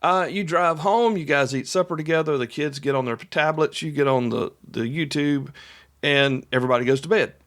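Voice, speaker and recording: A man's voice: on the high side, moderate pace, a bit bright. A man hosting an instructional podcast in a folksy, conversational way, often repeating his points. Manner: folksy, repeats points, acts out little dialogues.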